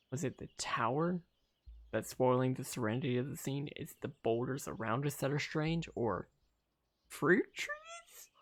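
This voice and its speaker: A man streaming a game, reading its story aloud with quick asides of his own. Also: mid-range voice, gravelly. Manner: narrates steadily, breaks off with quick asides. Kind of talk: reading a visual novel aloud with commentary.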